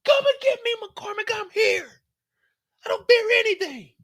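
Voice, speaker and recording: A man voicing a desperate, defiant man who shouts up at a sniper in a strained voice. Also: very high-pitched, fast talker, no room sound, voice pushed up.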